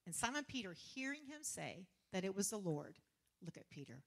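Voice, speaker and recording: A woman preacher, giving a lively sermon full of laughter, casual slang and sarcastic humor. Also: medium pitch, normal speed, long pauses.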